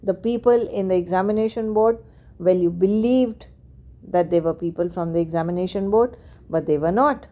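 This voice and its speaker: A woman's voice: lowish voice, brisk, dark tone. A woman teacher explaining a story to students, asking rhetorical questions as she goes. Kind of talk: literature lesson explaining a story.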